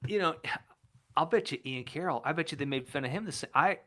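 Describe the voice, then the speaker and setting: A man with a bright, forward voice chats on a podcast, throwing in wry, jokey asides. His delivery is loose and conversational. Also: fairly high pitch, animated, quick pace. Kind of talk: casual podcast chat.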